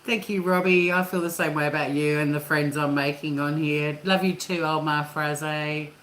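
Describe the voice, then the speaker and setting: A woman's voice: deep voice, fairly even intonation, normal speed, fairly bright tone. A woman hosting a casual live chat with viewers, talking candidly and swearing freely. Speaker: livestream host. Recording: echoey room with faint hum.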